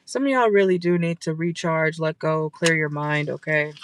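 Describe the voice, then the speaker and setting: Sitting in her car, a tarot reader with a low-pitched voice and a stuffy nose gives a casual reading straight to camera at a normal speed. She's chatty, blunt and scolding, and she swears freely, with noticeable background noise behind her.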